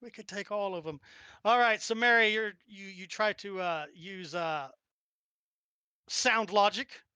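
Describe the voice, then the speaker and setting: Brief: bright, upbeat male game master, dry close mic. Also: sits high, unhurried, clean tone, no echo, highs cut off. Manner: playful, laughing. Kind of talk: running a tabletop game.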